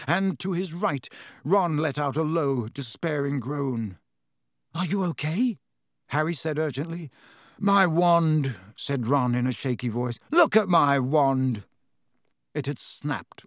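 Expressive male audiobook narrator. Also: on the high side, no room sound, studio quality. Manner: vivid, expressive storytelling.

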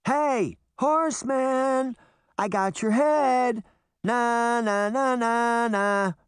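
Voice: mid-range voice, very animated, moderate pace, no echo, clean studio sound, voice pushed up, lightly acted. A man voicing a whining, sarcastic boy who acts like a pompous grown-up. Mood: mocking shout. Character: whiny, pompous boy who claims to be an adult.

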